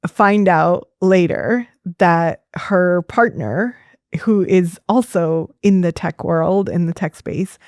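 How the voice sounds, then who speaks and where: A woman, a fertility doctor, telling stories in a casual interview, lively and laughing often, with many fillers. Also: lowish voice, takes it slowly, no room sound, clean studio sound. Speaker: fertility doctor as podcast guest.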